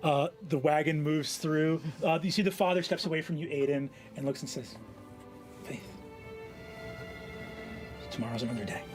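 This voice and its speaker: A man's voice: on the high side, fairly even intonation, brisk, few pauses, faint music behind. Rambling male game master. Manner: rambling, filler-heavy narration. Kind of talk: narrating a tabletop game.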